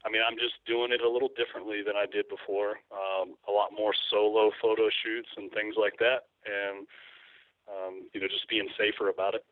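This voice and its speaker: This hunting photographer, a guest on a casual phone interview, talks loosely with plenty of fillers and false starts, the line sounding tinny. His voice is lowish and flat, moving at a moderate pace with no room sound.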